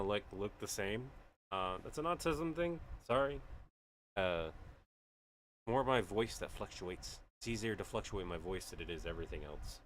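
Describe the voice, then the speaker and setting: A man's voice: mid-range voice, a bit bright, a little hiss or hum. A man chatting casually on a livestream, rambling and joking with plenty of ums and uhs. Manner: rambling and jokey, with frequent fillers. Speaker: streamer.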